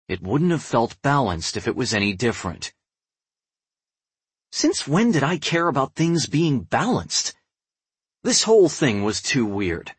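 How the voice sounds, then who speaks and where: A man reads a first-person romance story at an unhurried, drawn-out pace. His low voice carries a husky grain, and he drops to a hushed, breathy tone for the dialogue. The recording is dry and close. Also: no echo. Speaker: audiobook narrator.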